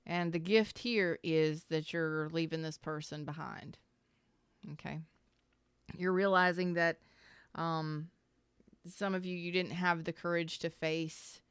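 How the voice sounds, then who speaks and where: A woman's voice: low voice, clear, resonant tone, no echo. A woman giving a casual, heartfelt tarot reading, talking straight to the listener in an earnest, emotional way, often repeating herself and swearing now and then. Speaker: tarot reader.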